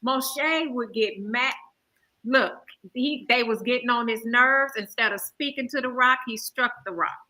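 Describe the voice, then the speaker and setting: Bright, animated woman discussing scripture. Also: fairly high pitch, a little slow, poor audio. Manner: animated, emphatic, hollers with laughter. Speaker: host. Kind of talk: casual Bible discussion.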